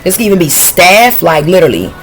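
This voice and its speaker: A woman giving a casual intuitive tarot reading, blunt and profane, talking in a streetwise, animated way. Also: fairly low pitch, fairly quick, gravelly, background noise. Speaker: tarot reader.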